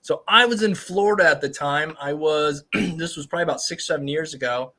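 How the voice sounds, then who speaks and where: Thirties male tattoo artist, live-stream host, upbeat and rambling, slightly higher voice. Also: fairly quick, sharp tone. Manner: rambling and upbeat, addresses viewers directly. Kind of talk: casual live-stream chat.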